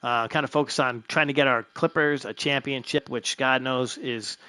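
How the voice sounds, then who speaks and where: A man's voice: medium pitch, steady tone, normal speed, sharp tone, dry recording. A man hosting a live stream of a baseball franchise game, talking loosely with lots of fillers and little chuckles. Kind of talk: casual live-stream commentary.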